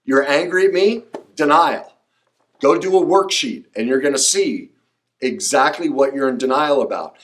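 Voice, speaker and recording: This middle-aged man hosts a podcast alone, delivering a passionate monologue at a moderate pace in a mid-range voice. He speaks emphatically, sometimes preachy, and rises into excited outbursts.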